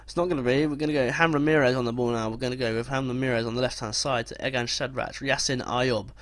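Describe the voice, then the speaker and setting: Young man, gaming commentary, rapid play-by-play, sudden sweary outbursts, dry close sound. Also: mid-range voice, fairly even intonation, a bit bright, no room sound. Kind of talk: let's play commentary of a football sim.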